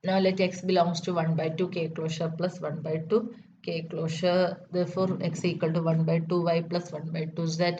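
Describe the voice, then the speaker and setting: A woman's voice: lowish voice, little pitch movement, moderate pace, warm tone. A woman lecturer working through a mathematics proof step by step, often repeating key statements. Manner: methodical, repeats key steps. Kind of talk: math lecture. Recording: dull lo-fi recording with faint noise.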